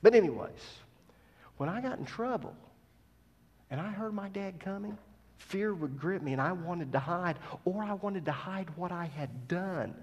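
A man preaching a sermon. He teaches scripture with emphatic stresses that drop to soft asides. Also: high-pitched, lively intonation, normal speed. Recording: long reverb of a large hall.

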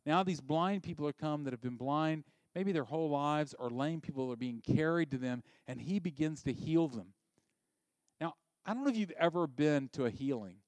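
Animated man preaching a sermon. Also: a little high, normal speed, dry recording. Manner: animated, dropping to a hushed near-whisper for emphasis. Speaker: pastor.

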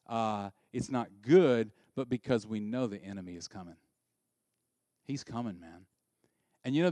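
A middle-aged man preaching a sermon, swinging from soft asides to loud, emphatic peaks. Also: medium pitch, no room sound. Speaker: pastor.

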